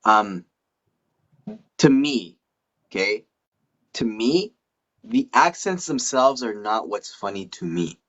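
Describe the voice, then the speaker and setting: A male comedian hosting a casual live-stream chat, talking haltingly and restarting his sentences. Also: lowish voice, lively intonation, a bit bright, dull audio. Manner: halting, many fillers and restarts.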